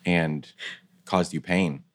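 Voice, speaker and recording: A man hosting an interview, reflecting on his guest's story in a thoughtful, measured way with pauses. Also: deep voice, fairly even intonation.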